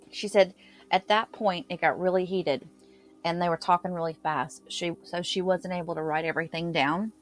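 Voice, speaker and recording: A woman hosting a true crime talk, retelling an interrogation and reading out the quoted lines with extra emphasis. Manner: reads quotes with raised pitch and emphasis. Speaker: true crime channel host.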